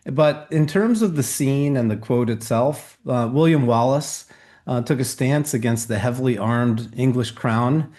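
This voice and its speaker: This is a man who coaches founders, giving a measured and motivational answer as a guest. His voice sits at a mid pitch. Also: darkish tone. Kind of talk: interview answer.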